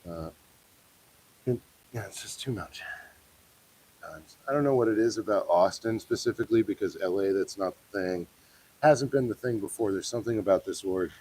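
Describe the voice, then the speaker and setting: A man filming a street vlog, switching between low muttered asides to the camera and sarcastic, mock-formal heckling. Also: normal speed, long pauses, darkish tone, breathy edge, low-quality recording. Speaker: protester filming himself.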